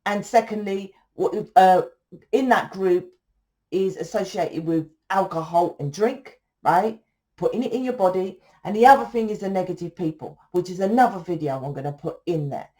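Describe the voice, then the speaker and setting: Lady tarot reader ranting away, swears a lot, keeps going "right?", mellow warm voice. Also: fairly low pitch, normal speed. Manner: blunt and profane, rambling, tags sentences with "right?". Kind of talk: casual spiritual monologue.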